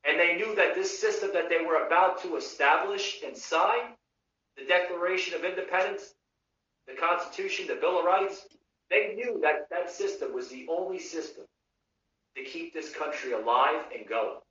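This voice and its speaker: Hosting a live podcast, a man with a high-pitched, pushed, bright voice rants casually about politics, swearing and restarting his sentences over and over. He talks at a moderate pace, and the sound is muffled and echoey, as though from far away.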